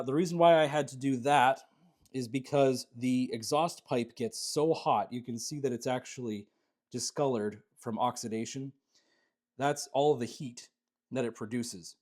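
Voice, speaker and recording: Casual man touring his jewellery workshop. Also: mid-range voice. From Canada. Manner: relaxed, rambling, many fillers and restarts. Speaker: jewellery maker giving a studio tour. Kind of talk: casual walkthrough vlog. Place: small home jewellery workshop.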